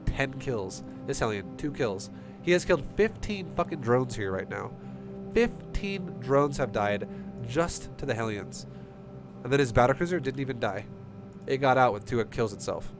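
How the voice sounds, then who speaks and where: A man coaching a player through a game replay in a casual streaming session, blunt and heated, swearing often. His nose is running. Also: mid-range voice. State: runny nose. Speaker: StarCraft coach reviewing a replay. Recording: music playing underneath. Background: music.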